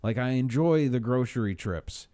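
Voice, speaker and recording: A man's voice: medium pitch, expressive, normal speed, mellow, no echo, studio quality. A young man co-hosting a podcast, chatting in a joking, sarcastic way with lots of fillers. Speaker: podcast co-host. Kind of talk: casual chat.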